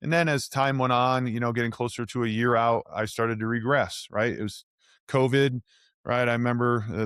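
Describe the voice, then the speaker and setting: A man's voice: medium pitch, clean tone, no echo, clean studio sound. A man in his forties, a guest, telling his story in a casual interview and acting out the voices he quotes. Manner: animated storyteller who acts out quoted voices. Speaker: guest, former NFL offensive lineman.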